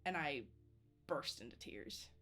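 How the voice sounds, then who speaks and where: A woman with a bright, tense voice plays her character in a tabletop game. She narrates in a halting, emotional way. Faint music sits underneath. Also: low-pitched, animated. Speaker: player.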